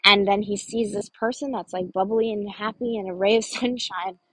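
A woman's voice: medium pitch, steady tone, moderate pace, a bit bright, a little hiss or hum, poor audio. A woman telling a true personal story in an earnest, conversational way, often saying "like". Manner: earnest, conversational, frequent "like" fillers.

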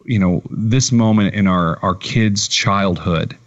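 A man with a lowish voice speaks as a podcast guest over a dull, lo-fi remote line. He is candid and quick to poke fun at himself, and open about his feelings. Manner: candid, self-deprecating humor, openly emotional. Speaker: guest, financial planner. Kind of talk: casual remote interview.

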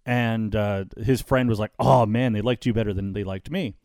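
A man with a lowish voice hosts a casual podcast chat. He tells stories in a rambling way, restarting often and filling gaps with "like" and "you know". The sound is dry and close. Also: fairly even intonation, moderate pace, darkish tone, no echo. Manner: rambling storyteller, many restarts and fillers. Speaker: podcast host.

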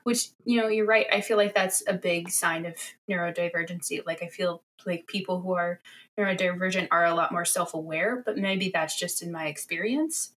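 A woman's voice: lowish voice, steady tone, moderate pace, a bit bright. A young woman co-hosting a casual book podcast, talking things through thoughtfully with many fillers. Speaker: podcast co-host.

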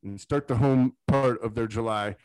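A man co-hosting a casual sports podcast, excitable and rambling, going off on tangents with hype talk. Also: medium pitch, moderate pace, clear, resonant tone, no echo, low-quality recording. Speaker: podcast co-host.

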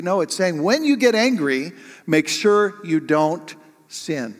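A man's voice: high-pitched, lively intonation, a little slow. A man preaching as a pastor, talking conversationally and asking the congregation questions. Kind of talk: sermon. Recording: long hall reverb.

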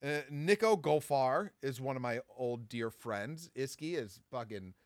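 Animated, profane man telling stories. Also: unhurried, no echo. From Southern California. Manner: animated, profane, with big pitch jumps. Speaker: podcast host. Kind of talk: casual storytelling.

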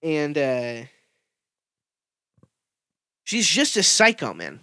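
A man's voice: on the high side, extremely slow, dry recording, clean studio sound. A young man ranting casually, full of fillers and swearing. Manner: profane, filler-heavy, excitable storytelling. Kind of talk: casual rant.

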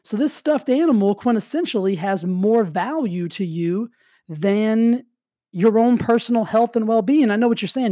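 A man giving an energetic, casual motivational monologue, often saying "like" and nursing a slight cough. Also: high-pitched, moderate pace, no echo, clean studio sound. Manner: energetic, casual, heavy use of "like". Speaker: motivational speaker.

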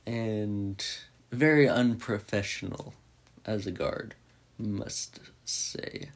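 Man, lowish voice, slow unhurried delivery, loose rambling recap with swearing. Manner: rambling, heavy with "like" fillers, swears freely. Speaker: movie reviewer. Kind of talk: casual spoken movie recap.

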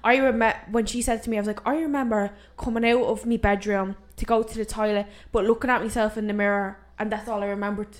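A young woman with an Irish accent, co-hosting a podcast in casual chat, trading stories and chiming in with quick agreement. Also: mid-range voice, fairly even intonation. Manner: chatty, quick back-and-forth, short agreeing replies. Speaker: podcast co-host.

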